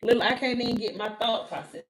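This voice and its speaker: A woman's voice: a little high, steady tone, brisk, slight background noise, poor audio. A woman tarot reader on an emotional live stream, talking to her viewers, repeating herself and close to tears. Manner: spiritual, ends with a prayer.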